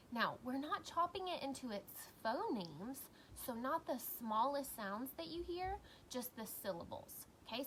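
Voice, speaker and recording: A woman teacher giving a recorded lesson for young children, encouraging them and clearly sounding out words. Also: a little high, fairly bright tone, a little hiss or hum.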